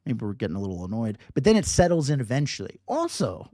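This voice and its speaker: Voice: quick pace, no room sound, clean studio sound. A meditation teacher talking casually to a live class, often asking "right?" in a playful way. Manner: conversational, keeps asking "right?"; lively rising and falling pitch, playful.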